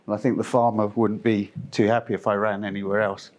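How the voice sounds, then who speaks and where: A man's voice: mid-range voice, normal speed, a little mellow. A middle-aged man from Zimbabwe giving a conference presentation, chatty and meandering, with lots of fillers and restarts. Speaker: company presenter.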